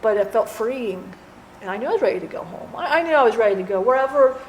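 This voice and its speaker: A woman channeling a departed friend, telling her story in an earnest, halting way with many restarts. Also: fairly high pitch, animated. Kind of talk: spiritual channeling testimony. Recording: roomy echo, faint background noise.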